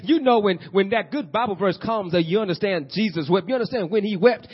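A man preaching a sermon, building to loud bursts and asking the congregation questions. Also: high-pitched, lively intonation, fairly quick, few pauses, breathy edge, dull audio. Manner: preaching with rising bursts and call-and-response questions. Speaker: pastor.

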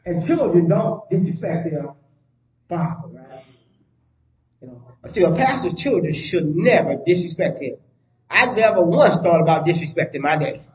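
A man preaching a sermon in a folksy call-and-response style, often asking the congregation "you follow me?" and sometimes dropping to a soft, calm tone. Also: fairly high pitch, moderate pace. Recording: roomy, dull church recording.

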